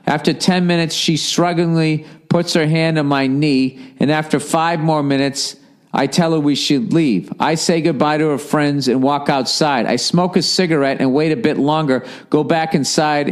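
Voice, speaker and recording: A man hosting a comedy podcast, reading a listener's letter aloud and cutting in with blunt, sarcastic, profane asides. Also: a little high.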